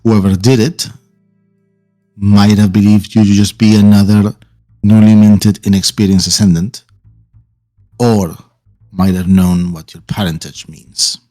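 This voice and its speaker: A man voicing a measured, calculating male mentor figure who lays out plans deliberately. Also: lowish voice, soft background music, close to an everyday voice. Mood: grave. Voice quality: calm, deliberate delivery. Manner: explains plans slowly and carefully.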